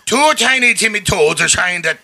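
A man's voice: sits high, expressive, normal speed, gravelly, sharp tone, heavily acted. A man voicing a cheerful Irish man in a mock Irish accent, laughing and stumbling over words. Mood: jokey. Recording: noisy recording.

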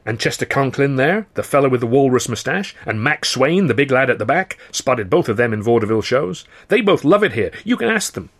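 A man doing a brash loudmouth studio boss. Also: medium pitch, very animated. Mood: chummy. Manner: loud, boastful, rapid salesman patter. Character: brash fast-talking male film studio boss, middle-aged. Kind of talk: audiobook character voice.

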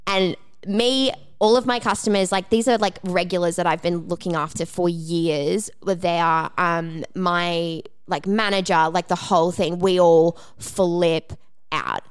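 This woman tells a story on a podcast in a lively, casual way and acts out each quoted line. Her voice is smooth and clear, and she swears freely as she talks. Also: on the low side, measured pace. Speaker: podcast co-host.

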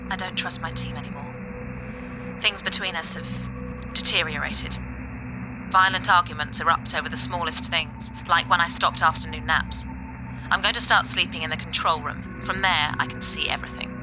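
A man voicing a brooding, suspicious team leader speaking into a log recorder in an animated comedy. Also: fairly high pitch, normal speed. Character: paranoid male base team leader logging a recording. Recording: tinny recorder playback with music.

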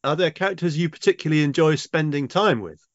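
A man's voice: fairly high pitch, fast talker, highs cut off. A man hosting a literary podcast, asking inquisitive and lightly teasing questions. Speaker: podcast host and interviewer. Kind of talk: podcast interview.

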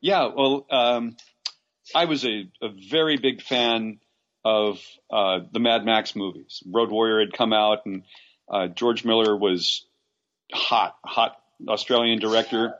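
A man from Los Angeles, an actor, telling stories in a casual interview, rambling with restarts and animated asides. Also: lowish voice, takes it slowly, muffled recording. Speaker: actor guest.

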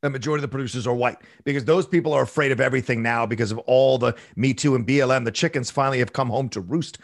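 A man's voice: medium pitch, steady tone, very fast, gravelly, no echo, clean studio sound. A man guest on a film podcast, talking with passion and emphasis. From Latino (US). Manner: passionate, emphatic, preachy asides. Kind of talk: casual podcast chat.

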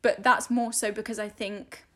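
A woman's voice: mid-range voice, level tone, moderate pace. A woman co-hosting a podcast, chatting candidly and swearing freely. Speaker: podcast co-host. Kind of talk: casual chat.

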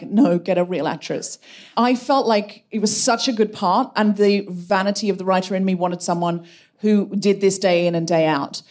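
A woman hosting a live comedy podcast, quick and witty, speaking with emphasis before an audience. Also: mid-range voice, a little mellow. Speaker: podcast host.

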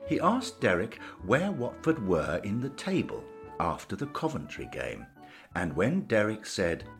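Male storybook narrator; unhurried, very lively melody. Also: lowish voice, creaky, faint music behind. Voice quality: lively, sing-song storytelling.

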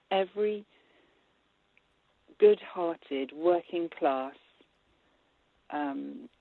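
A husky-voiced woman film director talks through a thin, phone-like line that sounds dry and close. She is chatty, laughs easily and fills her thoughts with small hesitations. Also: fairly low pitch, drawn-out words, pauses often, dry recording. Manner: warm, chatty, laughs often, many hesitations. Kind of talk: casual interview chat.

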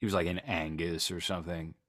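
A man's voice: low voice, little pitch movement, fairly quick, fairly bright tone. A man co-hosting a podcast, talking in a rambling, sarcastic, joking way. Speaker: podcast co-host. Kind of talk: casual chat.

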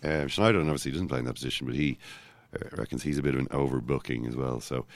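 A man co-hosting a casual football podcast, talking in rambling, self-interrupting runs with animated asides. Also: a bass voice, fast. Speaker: podcast co-host.

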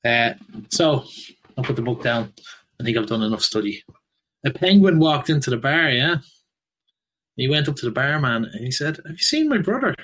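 A man cracking jokes on a podcast, popping into quick voices for the punchlines and laughing at his own gags. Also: mid-range voice, fairly bright tone. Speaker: podcast co-host. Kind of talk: telling jokes in casual chat.

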